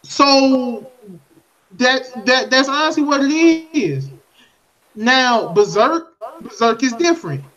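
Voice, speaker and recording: A man's voice: very high voice, animated, slow pace, a bit bright, lo-fi sound. A man co-hosting a podcast in casual chat, emphatic and profane, often circling back to repeat his points. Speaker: podcast co-host.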